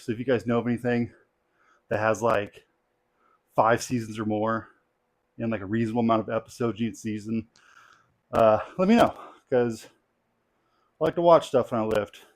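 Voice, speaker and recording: Wearing a clip-on mic, a young man films his strength training in his home garage gym and talks casually, pausing often at a moderate pace in a medium-pitched voice. He's worn out and breathing hard between sets, rambling loosely with lots of fillers.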